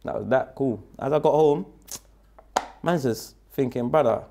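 A man with a South London accent talks through a story in an interview, full of slang and lively as he acts out the quoted lines. His voice is gravelly and sits at a middle pitch. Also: a little slow, slight background noise. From London, England. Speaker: rapper guest.

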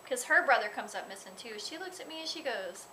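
A woman actress tells an on-set story in a lively, chatty way, peppered with "like". Her voice is bright and a touch high. A faint hiss sits under her. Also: fast talker. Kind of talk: animated anecdote in interview.

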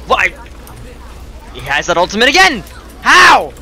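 A man's voice: high-pitched, wildly swooping pitch, a little slow, pushed and bright, soft background music. A young man teammate on a game voice call, giving curt, exasperated and defensive comebacks. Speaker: streamer's teammate. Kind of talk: casual gaming chat.

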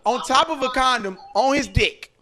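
A man hosting a podcast, telling a story in casual chat, animated and laughing often as he acts out quotes. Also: extremely high pitch, normal speed, crowd noise. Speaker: podcast host. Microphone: podcast studio mic.

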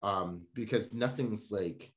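A man hosting a casual car podcast, talking in an animated, ranting way. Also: on the low side, slow pace.

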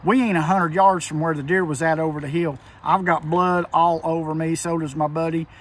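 A man's voice: fairly high pitch, fairly even intonation, fairly quick, distant mic. A man telling a frightening hunting story in rural dialect, tense and emphatic, heard over a phone call. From Kentucky. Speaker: hunter telling an encounter. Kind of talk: casual storytelling.

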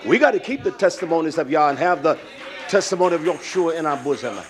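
An older pastor preaches a sermon, swinging between shouted climaxes and hushed storytelling while leaning on frequent "uh" fillers. His voice sits a little high with lively intonation and a quick pace, and there's background noise.

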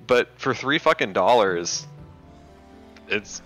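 A man's voice: on the low side, animated, slow, a bit bright, highs cut off, faint music behind. A man streaming a game, chatting casually and bluntly, swearing now and then. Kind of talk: casual chat while playing.

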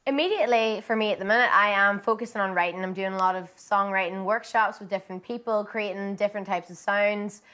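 A woman's voice: mid-range voice, fast talker, hardly any pauses, pushed and bright. A young woman with a Northern Irish accent, chatting as a singer guest in a bubbly, giggly way. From Derry, Northern Ireland. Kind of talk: casual interview chat.

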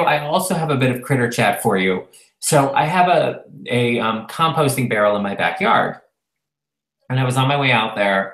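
There's a roomy echo on this recording of a man co-hosting a casual talk show. His voice is mid-range and a bit bright, and he chats and rambles with many fillers.

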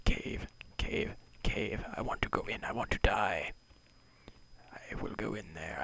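A man talking to himself in deadpan, mock-solemn mutters and half-whispers while playing a video game. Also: lowish voice, measured pace, gravelly, rough recording. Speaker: gamer playing a block-building game.

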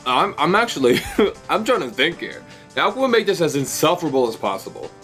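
Excitable, swearing young male streamer. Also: a little high, fairly quick, faint music behind. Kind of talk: casual live-stream chat.

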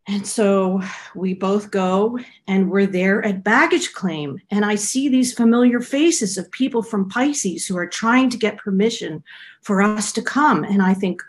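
A woman's voice: medium pitch, unhurried. A middle-aged woman, a researcher, casually telling a personal anecdote with small restarts. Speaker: researcher being interviewed.

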